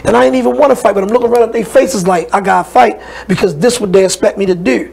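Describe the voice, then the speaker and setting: A man guest telling a personal story in an animated way, acting out the voices in it. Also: sits high, quick pace, vocal fry, a little hiss or hum, low-quality recording. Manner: animated, acts out voices in his stories.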